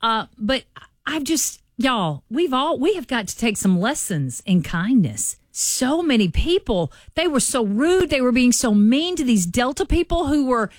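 A woman's voice: fairly high pitch, a little slow, dry recording. Southern woman telling a story, dry studio. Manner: animated storyteller, addresses listeners as y'all. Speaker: radio morning show co-host. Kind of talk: casual storytelling chat.

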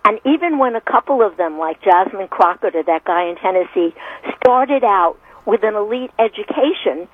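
A guest commentator on a radio talk show, lecturing and emphatic, stressing words slowly. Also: mid-range voice, expressive, breathy edge, no echo, phone-quality sound.

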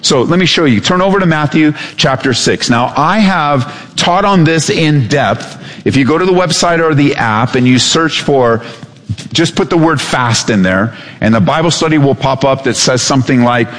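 A male pastor preaching a sermon in a church, animated and acting out voices. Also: mid-range voice, normal speed. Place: church sanctuary. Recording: hall reverb.

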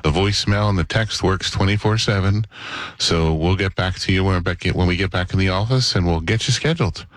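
Guy hosting a call-in show, kinda low voice, super dry sound. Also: brisk, a bit bright, no room sound. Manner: direct, urging listeners to call. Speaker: radio show host. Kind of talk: on-air announcement.

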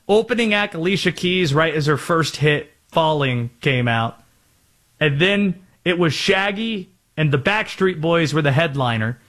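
A man's voice: fairly high pitch, a bit bright. A young adult man hosting a sports radio show, joking and rambling through random references. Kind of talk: casual sports talk.

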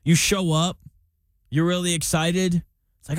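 A man's voice: high-pitched, level tone, normal speed, dry recording. A man hosting a casual sports talk show, chatting through team analysis with jokey comparisons and reading out listener questions. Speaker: sports podcast host.

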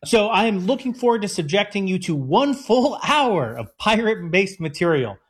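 Husky high-voiced young man co-hosting. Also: big pitch swings, moderate pace. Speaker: co-host, chef. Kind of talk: casual radio chat.

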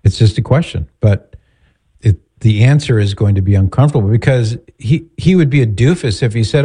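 A man hosting an advice show, calmly and directly counselling a caller. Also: lowish voice, fairly quick, breathy edge. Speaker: host giving advice to a caller. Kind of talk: advice call-in talk.

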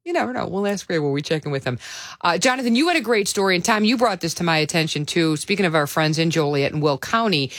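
Speaking quickly into a studio mic, a Chicago-accented woman hosts a radio show, reading out listener texts between casual chat. Her lowish voice has lively intonation, and there's no echo.

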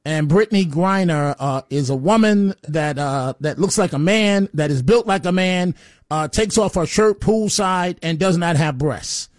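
A man's voice: high voice, unhurried, no room sound, clean studio sound. A man hosting a call-in talk radio show, rambling and opinionated, often stammering as he restarts his sentences.

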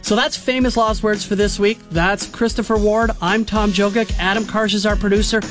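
A man hosting a radio show about old clips, chatty and quick to laugh. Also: high voice, fairly even intonation, over music. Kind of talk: casual radio chat.

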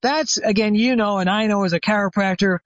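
Retired chiropractor telling an animated story. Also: male voice, sits high, fairly quick, no echo. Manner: animated anecdote teller, acts out quoted phone calls. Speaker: retired chiropractor, guest expert. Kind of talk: storytelling interview. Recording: dry, slightly dull sound.

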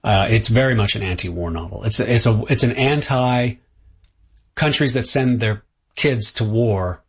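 A middle-aged Canadian author, interviewed as a guest, speaks in a lowish, slightly breathy voice at a moderate pace. He's thoughtful and often restarts his sentences. The recording sounds dull and lo-fi.

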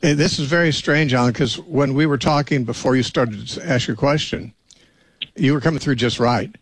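A man's voice: medium pitch, moderate pace, dry recording. A man hosting a call-in radio show, talking with callers in a patient, conversational way.

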